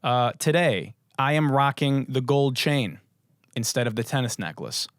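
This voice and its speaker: A young man hosting a casual solo podcast, hoarse with his voice mostly gone, rambling and swearing in a jokey way. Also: medium pitch, measured pace, dry recording, clean studio sound. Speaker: podcast host.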